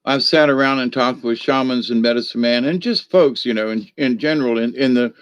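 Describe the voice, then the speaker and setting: Man, livestream host, folksy, feisty, laughs a lot, dry close sound, mid-pitched voice. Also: brisk, clear, resonant tone, dry recording, lo-fi sound. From northern United States. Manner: folksy, laughs often, calls himself feisty. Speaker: livestream host reading viewer comments. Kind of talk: rambling spiritual talk.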